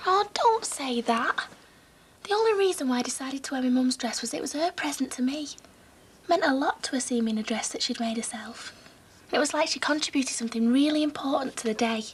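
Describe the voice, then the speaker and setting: An actress playing a soft-spoken, apologetic bride in a soap opera. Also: female voice, high voice, fairly quick, a little hiss or hum, lightly acted.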